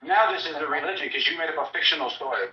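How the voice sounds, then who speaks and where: A man's voice: fairly high pitch, rapid-fire, sharp tone, muffled recording. Combative man on an echoey, distant call. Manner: combative, mocking. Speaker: debater. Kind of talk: heated online debate.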